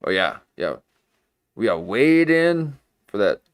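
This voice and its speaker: A man hosting a casual livestream, making dry, deadpan asides. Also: lowish voice, slow pace, clear, resonant tone, no echo. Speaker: podcast host.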